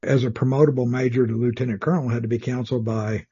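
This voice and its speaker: Calm, soothing older man, husky. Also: mid-range voice, quick pace, lo-fi sound. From South Texas. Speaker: guest, retired Army officer. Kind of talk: casual interview.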